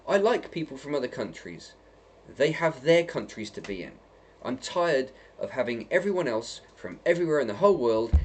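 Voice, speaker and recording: A man's voice: medium pitch, a little mellow, slightly rough. A man from England delivering an emphatic vlog monologue, repeating himself and tagging lines with "right?" and "okay?". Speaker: video blogger.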